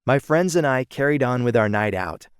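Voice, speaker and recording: A man reads his own first-person audiobook in a steady storytelling manner. His pitch is an everyday middle range for a man. The sound is dry and close, with no room around it. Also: moderate pace, clean tone, no echo. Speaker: audiobook narrator.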